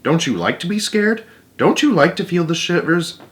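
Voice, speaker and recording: A man's voice: high-pitched, big pitch swings, normal speed, fairly bright tone, pitched above the performer's own voice. A man voicing a patient, encouraging male frog who coaxes his friend and tells spooky stories. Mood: teasing.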